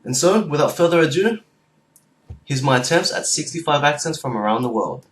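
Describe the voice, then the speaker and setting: A man's voice: a little high, expressive, fairly quick. A young Australian man explaining accents in a casual, earnest video talk. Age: young adult. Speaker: YouTuber and tutor. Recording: echoey room.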